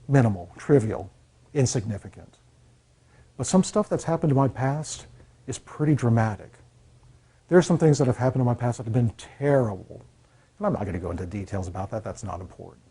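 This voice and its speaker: This man's voice is low, dark and husky. As a college counselor addressing students in class, he's earnest, repeats the main points and keeps checking their understanding with "okay?"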